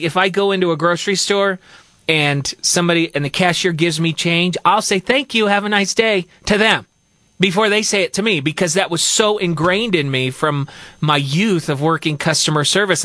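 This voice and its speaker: A middle-aged man co-hosting a radio talk show in casual chat, animated, often laughing and acting out voices as he tells stories. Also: high-pitched, dry recording. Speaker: radio co-host.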